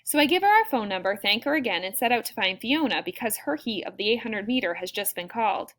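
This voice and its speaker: A woman narrating a first-person novel as an audiobook, in an expressive way. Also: fairly high pitch, fast.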